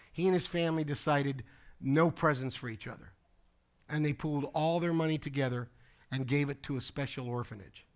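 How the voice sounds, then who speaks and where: Middle-aged male pastor, fairly high pitch, conversational sermon storyteller. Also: fairly bright tone. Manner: storytelling preacher, conversational asides like "okay?" and "folks".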